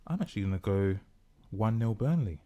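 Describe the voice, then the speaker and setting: A man's voice: fairly low pitch, animated, brisk, warm tone. A man co-hosting a casual podcast, reading out results and making predictions in a teasing, presenting way. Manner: teasing, game-show-like presenting. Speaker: podcast co-host, football fan.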